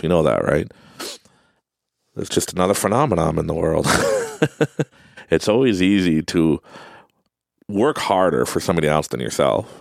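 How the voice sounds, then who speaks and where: Young male host, deep gravelly voice, lively and earnest motivational delivery, dry close sound. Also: dry recording. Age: young adult. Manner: earnest, repetitive, animated, mimics others in high voices. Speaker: podcast host. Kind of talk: motivational talk.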